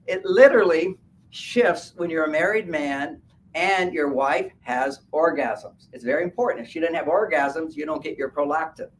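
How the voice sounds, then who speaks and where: A man giving a live talk at a fair, animated and laughing at his own points as he acts out little quotes. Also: on the high side, normal speed. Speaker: speaker at a wellness fair. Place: event room at a hotel fair. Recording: distant mic with faint background noise.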